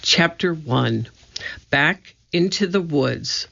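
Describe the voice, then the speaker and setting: A narrator reading a children's book aloud in an expressive storytelling manner. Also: medium pitch, slow pace, vocal fry, lo-fi sound. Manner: expressive storytelling, voicing each character. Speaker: audiobook narrator.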